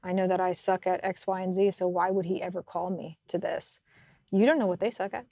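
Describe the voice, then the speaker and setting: A woman co-hosting a podcast, telling stories in a lively, casual way and laughing often. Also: on the low side, a little fast, no room sound, studio quality. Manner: animated storytelling, laughs often. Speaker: podcast co-host. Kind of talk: casual faith chat.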